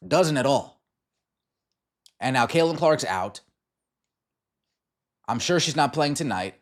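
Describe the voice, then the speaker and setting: A man hosting a sports podcast, ranting in exasperated commentary over game clips and firing off repeated rhetorical questions. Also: medium pitch. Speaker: podcast host.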